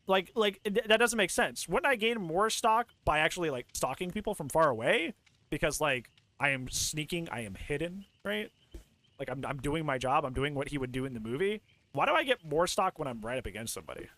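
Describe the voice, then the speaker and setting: A man's voice: a little high, expressive, a little fast, sharp tone. A man reacting to a video on stream, ranting in an exasperated, casual way with lots of fillers and restarts.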